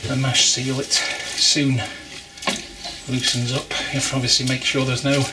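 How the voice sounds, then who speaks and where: A man's voice: mid-range voice, flat delivery, unhurried. A man casually explaining his home brewing as he works, with wry asides and a bit of effort while stirring. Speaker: home brewer. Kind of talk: casual how-to vlog narration. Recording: loud background noise with clattering.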